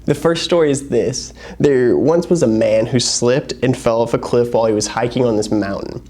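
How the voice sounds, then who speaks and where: A man's voice: medium pitch, moderate pace. A young man preaching to a youth group in a casual, storytelling way, acting out the people in his stories. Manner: casual, animated storytelling with acted-out quotes. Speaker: youth pastor. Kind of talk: sermon.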